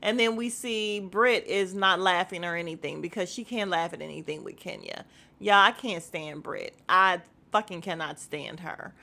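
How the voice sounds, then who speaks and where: Blunt, bright-voiced woman podcaster. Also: on the low side, normal speed, creaky. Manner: blunt and profane; animated, mimics voices of others in quotes. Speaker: podcast host recapping a reality show. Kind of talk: casual chat.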